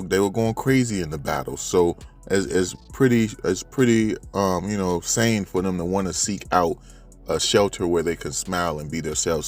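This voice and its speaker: Slangy animated man recapping manga. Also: low-pitched. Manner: animated, slangy, talks straight to viewers. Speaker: manga reviewer. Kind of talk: casual chapter recap.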